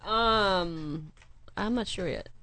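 A woman's voice: medium pitch, extremely slow, pushed and bright, no echo. A woman guest on a radio show, chatting casually and teasing the others.

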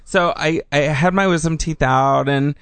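A man's voice: on the high side, a little slow, a bit bright, smooth, no room sound. A man chatting casually, telling a rambling story with frequent laughs.

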